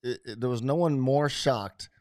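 A middle-aged man talking casually and profanely, jumping into little acted-out quotes along the way. His voice sits at an ordinary pitch. The recording is dry and close, with no room sound. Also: moderate pace, no echo. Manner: animated, swears a lot, acts out quotes in other voices.

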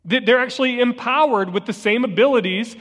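A man's voice: very high voice, brisk, fairly bright tone. A middle-aged man, an interim lead pastor, preaching a conversational sermon with storytelling and rhetorical questions in a church sanctuary. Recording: long reverb of a church hall.

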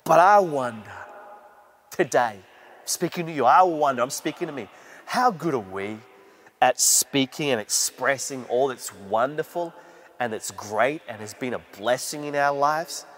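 A man's voice: mid-range voice, expressive, unhurried, fairly bright tone. Man preaching in a reverberant hall. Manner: earnest, preaching with rising emphasis. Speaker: pastor. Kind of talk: sermon.

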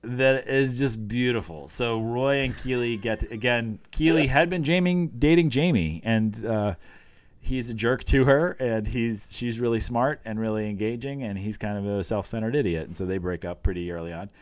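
A man's voice: mid-range voice, normal speed, smooth, no room sound. A man in casual chat, retelling scenes from a show with eager, rambling enthusiasm.

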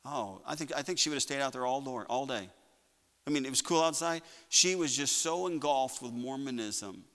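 A man preaching a sermon, building to loud shouts and then dropping to a quiet, conversational tone. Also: medium pitch, expressive, moderate pace, long reverb tail. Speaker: pastor.

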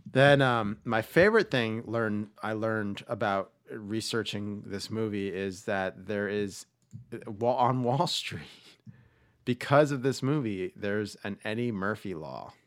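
Low-voiced man chatting, dry sound. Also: unhurried, no echo. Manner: rambling, with frequent fillers and restarts. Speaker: podcast host. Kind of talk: casual chat about movies.

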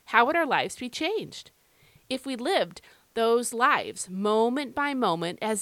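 A woman's voice: a little high, very animated, slow, fairly bright tone, no room sound. A woman hosting a devotional Bible podcast, speaking emphatically and repeating key phrases as she talks straight to the listener. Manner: conversational, addresses listener directly. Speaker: podcast host.

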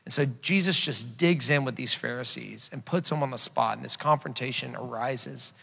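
Bright-voiced pastor in a reverberant hall. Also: male voice, mid-range voice, moderate pace, vocal fry, few pauses. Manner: conversational storytelling with frequent restarts. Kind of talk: sermon.

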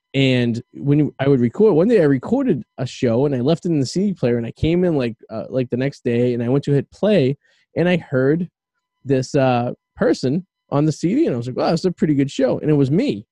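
A man's voice: medium pitch, warm tone, no room sound. A man in his late thirties hosting a podcast, chatting casually and rambling a bit in a self-deprecating way, with lots of "you know" and "I mean". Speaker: podcast host. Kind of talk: casual chat.

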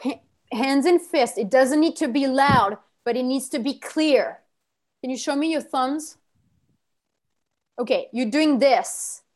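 A woman runs the session with a high, bright-set voice. She speaks in terse commands, swears freely and pushes her trainees hard. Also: a little slow, long pauses. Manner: commanding, gives short orders. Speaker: workshop coach. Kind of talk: directive coaching, blunt and profane.

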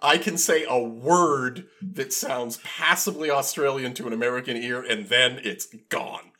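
A man co-hosting a casual podcast, talking in quick chatty bursts full of "like.". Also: medium pitch, bright, forceful tone. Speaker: podcast co-host. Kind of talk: casual chat.

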